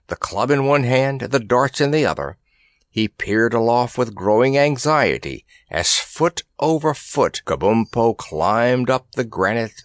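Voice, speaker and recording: A man narrating a children's fantasy audiobook in a measured, expressive storytelling manner, close to the microphone. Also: mid-range voice, no room sound. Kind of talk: reading a children's fantasy novel aloud.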